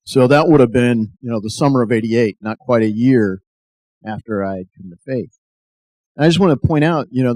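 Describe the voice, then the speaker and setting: A man's voice: medium pitch, warm tone, no room sound. A middle-aged American man giving an earnest testimony speech that builds to an emphatic call to action. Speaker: speaker.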